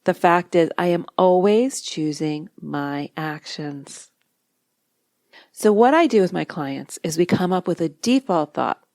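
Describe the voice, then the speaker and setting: A woman hypnotist talks through her methods on a podcast in a calm, measured voice. She lands key phrases slowly and deliberately. The recording is dry and close, with no room sound. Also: lowish voice, dry recording. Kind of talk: instructional podcast monologue.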